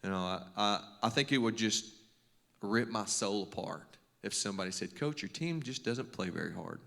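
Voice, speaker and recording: A man's voice: lowish voice, lively intonation, normal speed, gravelly, fairly bright tone. A middle-aged man, a coach giving a devotional talk to a men's group in a folksy, conversational way with many restarts. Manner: conversational, lots of restarts and stammers; folksy, self-deprecating humor. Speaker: basketball coach and teacher.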